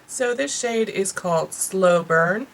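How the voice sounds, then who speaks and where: Gravelly-voiced New York woman reviewing makeup. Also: mid-range voice, expressive, slow pace, background noise. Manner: chatty, enthusiastic, lots of fillers. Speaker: beauty vlogger. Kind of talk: casual product review.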